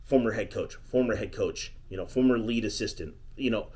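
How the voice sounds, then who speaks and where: A man's voice: fairly low pitch, brisk, darkish tone, breathy edge. A man co-hosting a podcast, talking casually and at length about basketball coaching. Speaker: podcast co-host. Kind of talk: casual sports chat.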